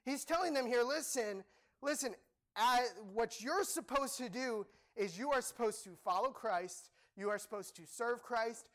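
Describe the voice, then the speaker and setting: A young man preaching a sermon in an animated, joking, emphatic way. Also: very high-pitched, moderate pace.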